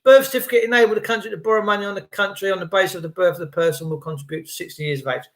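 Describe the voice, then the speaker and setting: Brief: a male streamer, jokey and conspiratorial, with a fairly high voice and a roomy echo. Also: steady tone, racing. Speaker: livestream vlogger. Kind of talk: rambling live-stream monologue.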